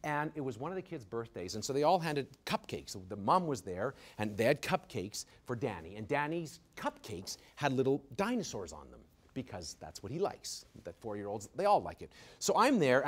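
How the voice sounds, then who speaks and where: A middle-aged man telling a self-mocking stand-up story, acting out voices as he goes. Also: mid-range voice. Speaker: comedian.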